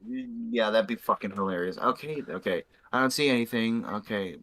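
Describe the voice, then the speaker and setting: Young male host, bright voice, reads text aloud casually and stumbles, cursing between lines. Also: on the low side, moderate pace, low-quality recording. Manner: stumbling, swearing asides, uneasy laughs. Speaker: host reading a fan fiction aloud. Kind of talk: casual reading with commentary.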